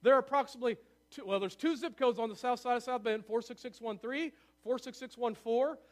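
A man delivers a sermon in a church, his voice pitched unusually high. He talks at a rapid clip and gets visibly excited, checking in with his listeners as he goes. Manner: excitable, fast-talking, asks the room for agreement. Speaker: pastor. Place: church sanctuary.

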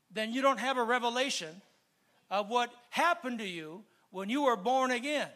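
A man preaching a sermon, talking easily with the congregation and building to loud, fervent preaching with repeated phrases. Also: extremely high pitch. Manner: repetitive listing cadence.

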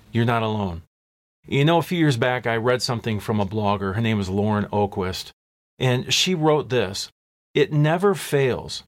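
Playful man preaching a sermon. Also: medium pitch. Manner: playful, conversational preaching with asides to the congregation. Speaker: pastor.

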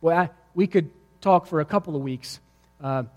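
A man with a notably high voice preaches a sermon in a church sanctuary. His words ring out with a long, lingering hall reverb. He tells vivid stories and drives his points home with emphatic repetition. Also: moderate pace, a little mellow. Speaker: pastor. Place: church sanctuary before a congregation.

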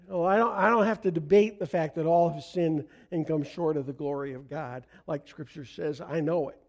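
A middle-aged male pastor preaching a sermon in a church, earnest, going soft in prayer and rising on emphasis. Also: on the high side, normal speed. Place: church sanctuary.

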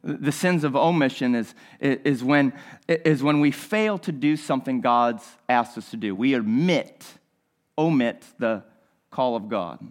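A man's voice: medium pitch, measured pace. A male pastor preaching a sermon, repeating his phrases and asking the listeners rhetorical questions.

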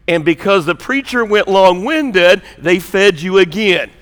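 Smooth-voiced pastor preaching in a reverberant hall. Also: male voice, high-pitched, measured pace, a bit bright. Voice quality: joking, conversational preaching with rising emphasis. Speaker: lead pastor. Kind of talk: sermon. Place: church auditorium.

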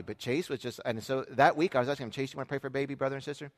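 A man's voice: mid-range voice, fast talker. Storytelling male pastor in a reverberant hall. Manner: storytelling, conversational, swings from hushed asides to loud emphasis. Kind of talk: sermon.

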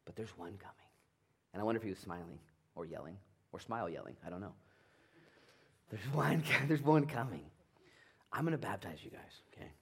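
A man preaching a Bible study sermon with a fairly low voice. He is animated and often leaps into quick playful voices for the people in the story, then drops back to a low, earnest tone. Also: slightly rough. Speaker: pastor.

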